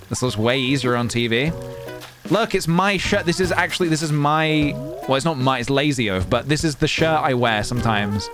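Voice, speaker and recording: A male streamer chats casually over gameplay, his voice sitting at an ordinary middle pitch. He rambles playfully, cracks jokes and restarts his sentences. Soft game music plays faintly underneath. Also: moderate pace.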